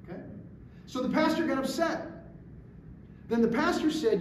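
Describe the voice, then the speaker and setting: A middle-aged man speaking to a gathering, an animated storyteller who drives his points home with emphatic rhetorical questions. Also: very high voice, moderate pace, pauses often. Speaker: guest speaker. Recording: echoey room, distant mic, faint hiss.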